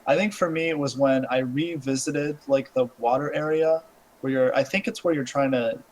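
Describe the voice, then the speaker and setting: A young man co-hosting a gaming podcast, talking in a laid-back, thoughtful, halting way. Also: medium pitch, steady tone, low-quality recording. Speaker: podcast co-host. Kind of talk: casual gaming chat.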